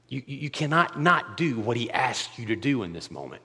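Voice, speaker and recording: Male pastor, sermon delivery, hushed-to-fervent swings, mid-pitched, long hall reverb. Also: sing-song, a little fast, hardly any pauses, husky. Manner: swings from hushed to loud impassioned preaching.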